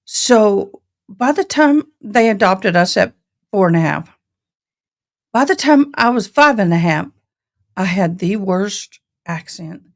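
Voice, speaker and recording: Slow folksy Southern woman host. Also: medium pitch, animated. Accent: mixed East Tennessee and Texas Southern. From Tennessee, raised in Texas. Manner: chatty, folksy, greets viewers by name. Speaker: livestream host. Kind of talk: casual live-stream chat.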